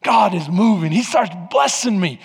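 A man, a pastor, telling a story in a sermon, swinging between shouting and quiet asides. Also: high voice, lively intonation, moderate pace, slightly rough. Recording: long hall reverb.

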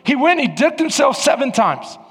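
A man preaching a sermon as pastor in a church sanctuary, animated and conversational, building up to loud passages. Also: very high voice, normal speed. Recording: long reverb in a large hall.

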